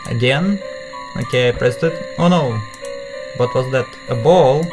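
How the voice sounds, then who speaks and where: A man's voice: medium pitch, unhurried, low-quality recording. Jumpy man narrating a horror game. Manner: jumpy, swearing, thinking aloud. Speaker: gamer playing a horror game. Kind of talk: let's play commentary. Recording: music playing behind.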